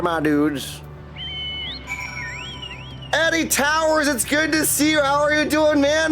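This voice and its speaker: Upbeat male streamer, casual chat, high-pitched, over game music. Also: lively intonation, slow, long pauses, fairly bright tone. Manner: upbeat, greets viewers by name.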